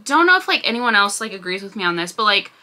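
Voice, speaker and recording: A young woman book vlogger chatting casually and excitedly, swearing often and filling her sentences with "like". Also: mid-range voice, fast. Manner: gushing, swears a lot, fillers like "like". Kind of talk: casual reading vlog chat.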